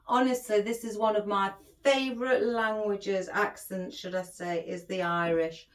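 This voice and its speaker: A woman's voice: mid-range voice, a little slow, few pauses. A middle-aged woman chatting as she hosts a craft tutorial, rambling and affectionate toward her viewers. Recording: echoey room.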